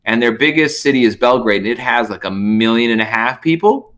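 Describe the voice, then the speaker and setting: A man, a podcast guest, telling stories in casual, animated chat full of fillers and swearing. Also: medium pitch, a little fast. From United States.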